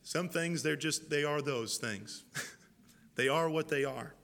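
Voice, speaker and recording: A male pastor preaching a sermon, moving from loud calls to hushed, prayerful quoting. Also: fairly high pitch, takes it slowly, creaky. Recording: long reverb of a large hall.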